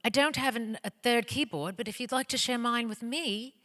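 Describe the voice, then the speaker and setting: A woman doing a rough impression of a famous British male rock pianist, with a bad British accent and a polite, courtly manner. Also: fairly high pitch, normal speed, fairly bright tone, voice pushed up, lightly acted. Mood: gracious. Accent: British, done badly. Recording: long reverb of a hall.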